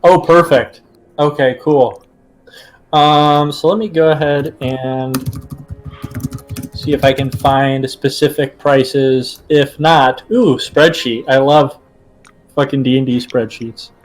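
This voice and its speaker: A man as game master of a tabletop game, talking casually, cursing freely and filling pauses with "uh" and "um". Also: medium pitch, fairly even intonation, a little hiss or hum, low-quality recording. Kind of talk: running a tabletop game over voice chat.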